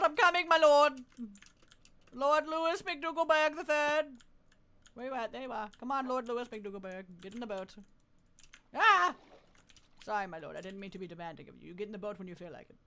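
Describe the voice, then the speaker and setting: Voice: medium pitch, gravelly. A streamer giving live gameplay commentary, playfully talking with mock deference and often laughing.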